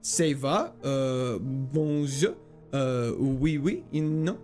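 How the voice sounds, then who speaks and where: A man's voice: mid-range voice, a little mellow, soft background music. A young man streaming a game, casually reading and answering chat in a playful, joking way. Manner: playful, chatty, quick laughs, jokey mock French.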